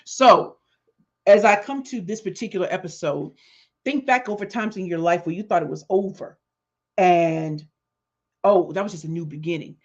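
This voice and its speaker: A middle-aged woman hosting her podcast, telling a story in an animated, conversational way with emphatic repetitions. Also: fairly low pitch, moderate pace. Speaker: podcast host and business speaker. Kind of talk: storytelling monologue. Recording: dull lo-fi sound.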